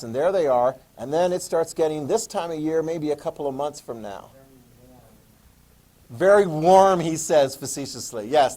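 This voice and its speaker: A man teaching a history class, lecturing in an animated way, joking and asking students questions. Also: mid-range voice, low-quality recording. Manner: animated, talks to students, jokes and asks questions.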